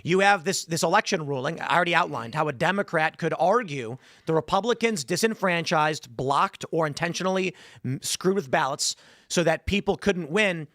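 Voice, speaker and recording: A man with a fairly high voice hosts a political talk show on a studio mic, arguing hard and pushing up to loud emphatic peaks. The sound is dry and close. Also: animated, moderate pace, no room sound. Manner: intense, argumentative, builds to loud emphatic peaks. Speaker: podcast host.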